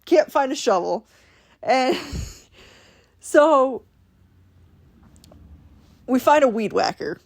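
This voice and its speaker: Casual vlogger woman, from Ohio, recounting a story with lively quoted voices, slightly high pitch. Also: drawn-out words, creaky, long pauses. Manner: animated, quotes people in her stories.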